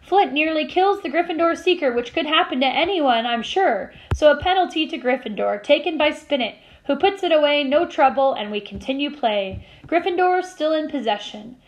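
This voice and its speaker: A woman doing an excitable teen boy commentator. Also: high-pitched. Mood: excited. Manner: rapid, lively play-by-play.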